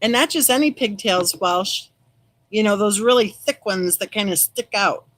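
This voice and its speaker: A middle-aged woman hosting a true crime live stream reads viewer comments aloud and replies warmly by name in a chatty, casual way. Her medium-pitched voice has lively intonation and a moderate pace, on a dry, low-quality recording.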